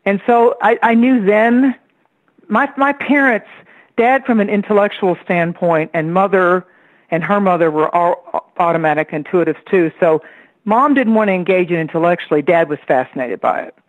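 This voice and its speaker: A woman's voice: lowish voice, normal speed, no room sound. Woman telling stories over a tinny phone line. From Tennessee, USA. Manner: lively storyteller who acts out the voices of relatives. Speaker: radio guest, psychic astrologer. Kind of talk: personal storytelling on a call-in radio show. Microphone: telephone.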